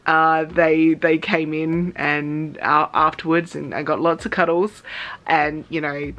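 An Australian woman chatting in a casual vlog, telling a story with excitement and acting out her own reactions. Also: low voice, slow, dull audio. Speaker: cosplay vlogger.

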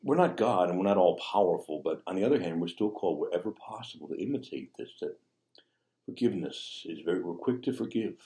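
A male priest preaches in a low, warm voice that rises and falls with lots of animation. He talks conversationally and checks in with asides. His sermon rings out through an echoey church. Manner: conversational, rhetorical asides like "see?". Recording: echoey room.

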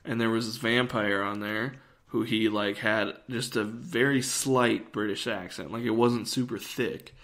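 A young man co-hosting a podcast, talking in a rambling, animated way. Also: lowish voice, a little slow, few pauses. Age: young adult. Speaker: podcast co-host. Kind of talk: casual chat.

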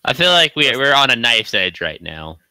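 A man's voice: mid-range voice, big pitch swings, moderate pace, pushed and bright, clean tone, no echo. A man playing a tabletop game, speaking in character and thinking his choices through aloud. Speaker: player.

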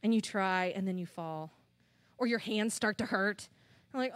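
A woman telling a children's story at church, animated and chatty with the kids, into a handheld mic. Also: medium pitch, moderate pace, no echo, studio quality. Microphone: handheld microphone.

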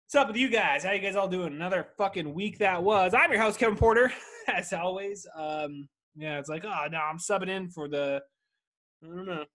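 Male podcast host, thirties, slightly high voice, laid-back profane rambler. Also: moderate pace, a bit bright. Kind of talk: casual solo podcast monologue. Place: at home.

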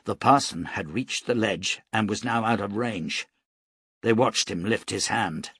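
A man reading an action novel aloud as an audiobook narrator, steady and dramatic. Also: lowish voice, measured pace, breathy edge, dry recording, studio quality. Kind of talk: scripted narration.

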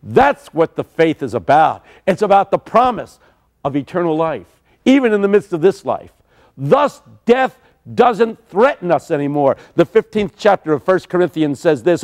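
An older man preaching a sermon, telling stories dramatically with sudden shouts. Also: fairly high pitch, expressive, moderate pace. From United States.

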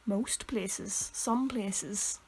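A woman's voice: mid-range voice, extremely slow, a little mellow, breathy edge. A young woman with a Northern Irish accent, co-hosting a casual podcast and telling rambling stories that she keeps correcting as she goes. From Northern Ireland. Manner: rambling, self-correcting storyteller. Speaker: podcast co-host. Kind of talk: casual chat.

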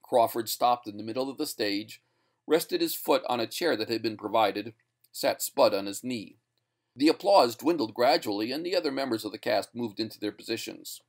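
A man narrates a short story in an even, measured voice of middle pitch. His reading is steady and scripted, carrying the plot along without hurry. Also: gravelly.

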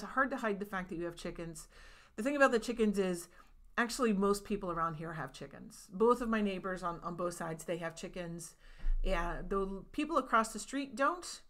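Woman doing a chatty home livestream, reading comments out, bright tense voice. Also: mid-range voice. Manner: chatty, reads viewer comments aloud. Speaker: host. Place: home in rural New England.

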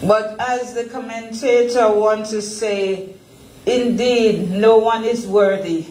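A woman's voice: a little high, steady tone, slow pace, a little mellow, slight background noise. A woman pastor leading a Bible study sermon, earnest and emotional, laughing often as she talks. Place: church worship center. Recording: echoey church room.

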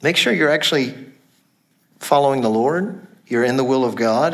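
Middle-aged male pastor, mid-pitched voice, casual and chatty sermon delivery. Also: a bit bright. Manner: conversational preaching with laughs and self-corrections.

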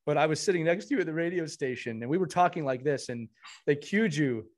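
A man's voice: fairly high pitch, lively intonation, quick pace. Effusive, earnest male podcast host. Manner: effusive and earnest, heaping praise on co-hosts. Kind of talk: casual podcast chat.

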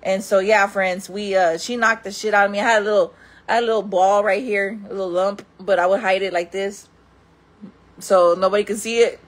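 A woman's voice: medium pitch, fairly even intonation, brisk. A woman telling her own stories to camera in casual, candid talk, often calling her viewers friends. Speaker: storyteller host.

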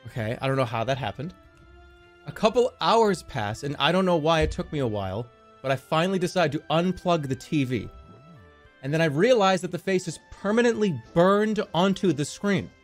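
A man talks casually on a live stream, reading out viewer stories and riffing on them in an excitable, jokey way. His voice sits high and swings widely in pitch. Faint music plays behind him. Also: normal speed. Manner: excitable, jokey, prone to laughing fits.

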